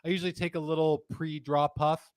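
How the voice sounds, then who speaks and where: A man's voice: a little high, level tone, brisk, clear, resonant tone, no room sound. Chatty, jokey male podcast host. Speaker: livestream host. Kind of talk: casual podcast chat.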